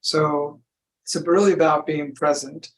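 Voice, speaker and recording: A man's voice: a little high, steady tone, unhurried, rough recording. Laid-back man telling stories. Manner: laid-back, storytelling, says "you know" often. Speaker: guest. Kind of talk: relaxed conversational interview. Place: from Sacramento.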